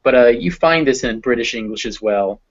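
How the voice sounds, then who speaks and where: A man's voice: mid-range voice, lively intonation, moderate pace, muffled recording. A man with a Southern American accent teaching English pronunciation, patiently modeling vowel sounds for a learner. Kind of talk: explaining phonetics to a learner.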